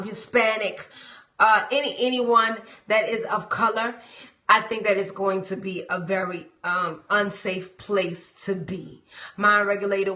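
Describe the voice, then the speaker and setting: Slow, bright-voiced woman live streaming. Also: mid-range voice, reverberant. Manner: dramatic mock wailing, shouting and fake crying; loose, rambling, talks to viewers. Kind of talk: casual live-stream talk.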